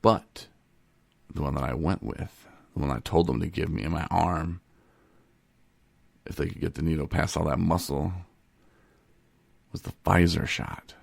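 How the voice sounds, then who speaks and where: A man's voice: very deep voice, measured pace, gravelly, long pauses, no room sound. A man from Michigan co-hosting a podcast, joking and teasing, acting out little scenes and laughing often. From Michigan, USA. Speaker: podcast co-host. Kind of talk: joking casual chat.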